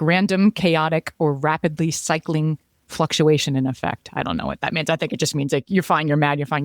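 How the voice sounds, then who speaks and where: Low-voiced woman co-hosting a podcast. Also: no room sound, studio quality. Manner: explains from notes, acts out quoted outbursts. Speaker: podcast co-host. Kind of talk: casual parenting podcast chat.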